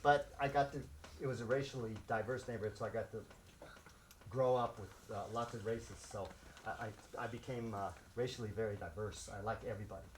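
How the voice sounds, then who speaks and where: A man in his sixties who grew up in Los Angeles, a martial arts instructor telling stories to his students and acting out the shouts, laughing often. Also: on the low side, brisk, a little hiss or hum. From South Central Los Angeles. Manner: animated, acts out shouts and quotes, laughs often. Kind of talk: storytelling to students.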